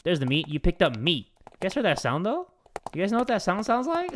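A young man doing let's play commentary on a horror game, excitable, joking crudely and yelling at sudden scares. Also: high-pitched, normal speed, a little hiss or hum. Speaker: gaming YouTuber.

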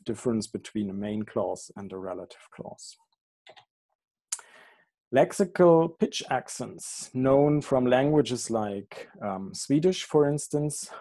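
A man giving an academic lecture over slides on an online call, halting often with ums and correcting himself mid-phrase. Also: mid-range voice, mellow. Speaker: guest lecturer.

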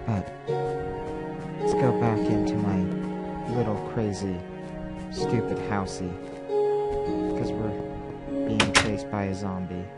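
Male let's-player, slow and rambling, jokes to himself; loud music bed under him. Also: on the low side, flat delivery. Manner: playful, rambling, talks to himself. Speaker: let's play gamer. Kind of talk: casual gameplay commentary. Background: loud game music.

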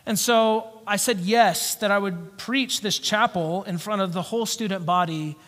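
A male pastor preaching a sermon with animated storytelling. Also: high voice, moderate pace. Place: church sanctuary. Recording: long church hall reverb.

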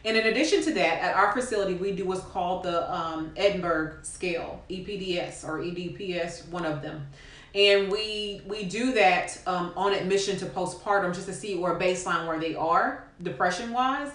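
A woman nurse talks through patient teaching in a frank, unscripted way, pausing on ums and restarting her sentences. Her voice sits a bit low for a woman. The sound carries a noticeable room echo. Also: a bit bright. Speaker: postpartum nurse educator. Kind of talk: casual spoken teaching to camera. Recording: echoey room.

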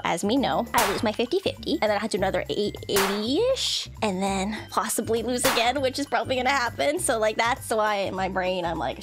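High, lively woman streamer reacting. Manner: dramatic, self-pitying, laughs at her own bad luck. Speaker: gaming streamer. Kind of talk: casual reaction commentary while playing.

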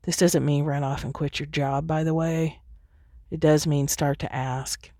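A woman's voice: low voice, flat delivery, unhurried, dark tone, no room sound, studio quality. A woman hosting a podcast, talking alone in a frank, chatty way and laughing easily. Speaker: podcast host. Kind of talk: candid solo podcast monologue.

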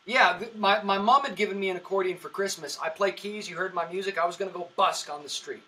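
Man, comedian guest, casual podcast chat, rambling stories, frequent restarts, bright voice, distant mic. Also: high-pitched, fast talker.

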